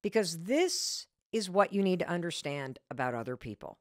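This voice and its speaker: A woman giving a motivational talk, her fairly low voice swinging widely in pitch as she drives each point home. She tells stories against herself, repeats the lines that matter, and swears now and then. The sound is close and dry, with no room around it. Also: animated, moderate pace, dry recording. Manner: emphatic, repeats key points, self-mocking storyteller; candid with mild profanity. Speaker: podcast host.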